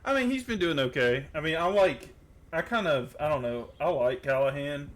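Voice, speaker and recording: A man in relaxed, hesitant chat with teammates while playing a game. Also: on the high side, noisy background. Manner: easygoing, measured, hesitant. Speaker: channel host and player.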